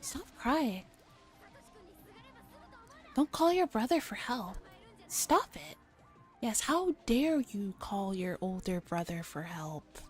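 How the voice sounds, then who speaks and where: A woman's voice: mid-range voice, expressive, slow pace, pauses often, soft background music. A woman reading the lines of a furious teenage girl in a cold, scornful, biting way. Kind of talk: dramatic reading of a novel.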